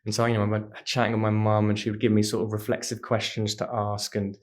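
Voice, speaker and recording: A man, a podcast guest telling stories in a casual, animated way. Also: lowish voice, fast. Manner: animated, acts out voices in anecdotes. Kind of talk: casual storytelling chat.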